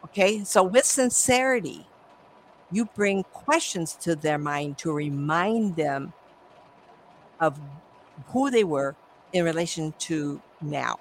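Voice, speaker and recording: A woman's voice: low voice, animated, takes it slowly, pauses often, slight background noise, poor audio. A middle-aged woman, a psychic medium, telling stories animatedly in an interview and acting out the voices. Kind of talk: conversational interview storytelling.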